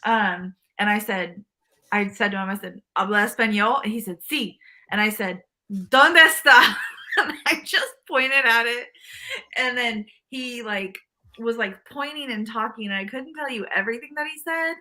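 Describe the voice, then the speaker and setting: A woman's voice: on the high side, normal speed, pushed and bright. A woman guest on a podcast telling a rambling story with lots of fillers and restarts. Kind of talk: casual chat.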